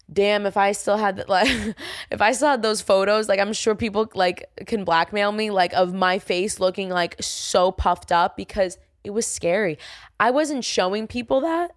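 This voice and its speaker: A woman's voice: moderate pace, no echo, studio quality. A young woman from Staten Island, talking casually on her solo podcast and acting out remembered conversations. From Staten Island, New York. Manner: chatty, acts out quoted dialogue with big pitch jumps. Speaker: podcast host.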